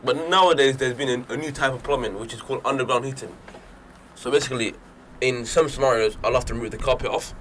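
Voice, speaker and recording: A young man co-hosting a radio talk show, joking fast and stumbling over his words. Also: medium pitch, fairly bright tone, slight background noise. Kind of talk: casual banter.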